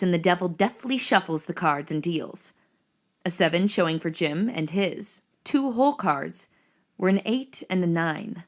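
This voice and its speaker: A woman narrating the action lines of a screenplay reading in a measured, descriptive way. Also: lowish voice.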